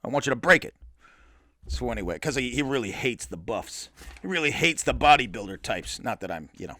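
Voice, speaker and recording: A man's voice: mid-range voice, expressive, a little fast, bright, forceful tone, no room sound. A middle-aged man hosting a podcast, telling a rambling, profane, boisterous story. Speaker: podcast host. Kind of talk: casual storytelling monologue.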